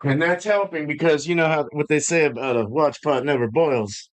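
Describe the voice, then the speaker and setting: A man's voice: a little high, moderate pace. A man hosting a live stream from his home brewing setup, ranting in a loose, joking, profane way. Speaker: livestream host. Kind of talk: casual live-stream rant.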